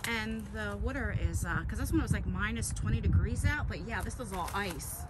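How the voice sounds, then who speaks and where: A woman's voice: medium pitch, lively intonation, normal speed. Chatty woman vlogging on the go. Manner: chatty, rambling, self-laughing. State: out of breath while walking. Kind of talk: casual walk-and-talk vlog. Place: in a car, then outdoors by a lake. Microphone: phone camera, then selfie stick. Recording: noisy car and outdoor recording.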